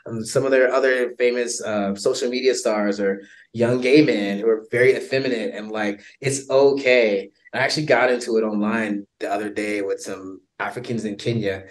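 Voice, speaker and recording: An American man with an American accent, a podcast guest talking in a casual, animated way, laughing often and using many fillers. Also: fairly low pitch, moderate pace. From United States. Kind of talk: casual interview chat.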